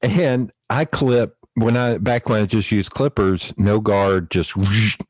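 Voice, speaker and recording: A man with a low voice hosts a relaxed podcast chat. He tells stories with animation and breaks into laughter often. The sound is dry and close, with no room around him. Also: slow, no echo, poor audio. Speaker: podcast host. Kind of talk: casual storytelling chat.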